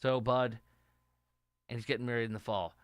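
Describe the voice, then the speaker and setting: A man's voice: mid-range voice, fairly even intonation, moderate pace, clear, resonant tone, dry recording. A middle-aged man from Texas hosting a political talk show, giving opinionated, rambling commentary and reading viewer comments aloud.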